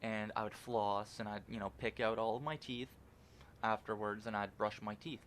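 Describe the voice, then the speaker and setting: A man's voice: lowish voice, fairly even intonation, normal speed, a bit bright, slight background noise. A young man casually rambling through gameplay commentary at home, swearing often and restarting sentences with lots of fillers. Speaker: gaming channel host.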